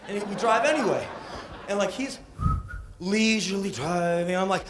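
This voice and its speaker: A man in his thirties performing a comedic spoken word monologue on stage, breathless and swinging from deadpan to yelling. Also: high-pitched, moderate pace. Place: live stage. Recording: echoey live venue on old VHS.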